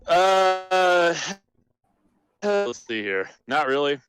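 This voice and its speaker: A man calling in to a show, low-key and hesitant with lots of pauses. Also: very animated, a bit bright. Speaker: caller. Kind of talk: casual chat.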